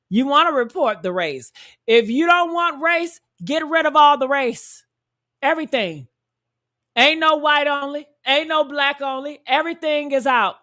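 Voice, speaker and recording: A woman's voice: on the high side, fairly bright tone. A woman hosting a reaction show, talking bluntly and heatedly, firing off rhetorical questions. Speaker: commentary show host.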